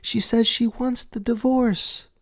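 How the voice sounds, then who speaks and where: A man voicing a woman receptionist at a court desk, calling out urgently in a high falsetto. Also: little pitch movement, slow pace, no echo, full character voice.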